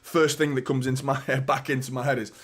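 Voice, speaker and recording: A man, hoarse from a sore throat, hosting a fan watchalong with live match commentary and chatty, sweary, teasing banter. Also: medium pitch, little pitch movement, quick pace.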